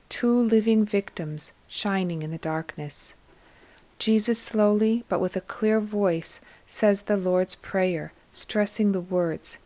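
A woman reading a devotional story aloud in a slow, soft, reverent scripted narration. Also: medium pitch. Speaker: reader of devotional text.

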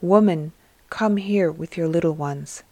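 A woman voicing a compassionate male teacher who speaks gently and firmly to the poor. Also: a little high, no echo. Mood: gentle. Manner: gentle, measured, firm.

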